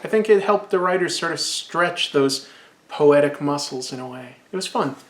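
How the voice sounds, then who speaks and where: A man's voice: on the high side, expressive, moderate pace, fairly bright tone, roomy sound. A man casually reviewing an old comic, rambling and enthusiastic while sipping absinthe.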